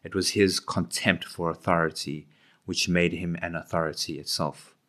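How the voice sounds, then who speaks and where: A man's voice: low voice, fairly even intonation, moderate pace, fairly bright tone. A man co-hosting a casual podcast, talking reflectively with many restarts. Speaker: podcast co-host. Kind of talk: casual chat.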